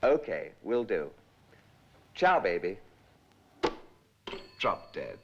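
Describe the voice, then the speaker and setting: An actor playing a glib, hustling pop music manager who talks in trendy slang, in a 1960s film. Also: male voice, on the low side, big pitch swings, extremely slow, gravelly, background noise, full character voice. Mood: schmoozing. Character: slick fast-talking male pop music manager. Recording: muffled old film soundtrack.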